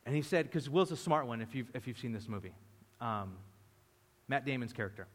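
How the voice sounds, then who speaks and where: A man preaching a sermon as a pastor, telling the story with lively energy and playing the disciples' voices. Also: mid-range voice, a little fast. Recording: long hall reverb.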